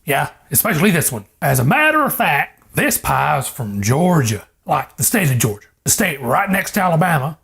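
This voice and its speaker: A man's voice: fairly high pitch, very animated, normal speed, gravelly, hardly any pauses, a bit bright, breathy edge. A young man hosting a casual home cooking vlog, rambling, joking and swearing, recorded on a lavalier mic in a kitchen. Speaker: cooking vlogger. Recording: fridge hum in the background.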